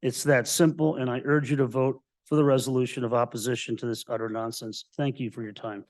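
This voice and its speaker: A man's voice: mid-range voice, little pitch movement, fairly quick, darkish tone. Male political candidate from the Western Slope, prepared public comment, emphatic and combative. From Colorado's Western Slope. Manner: combative, emphatic, repeated strong claims.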